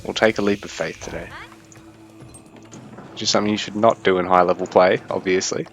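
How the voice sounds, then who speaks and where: A young man giving casual, chatty game commentary, thinking aloud in a fairly even delivery. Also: low-pitched, brisk, soft background music. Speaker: esports caster.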